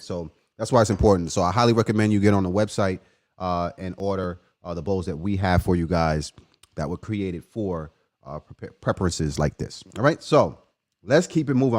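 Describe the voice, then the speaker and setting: A man's voice: sits low, brisk, no echo, studio quality. Laid-back man hosting a livestream. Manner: laid-back, chatty, shouts out viewers by name. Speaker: livestream host. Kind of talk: casual livestream chat.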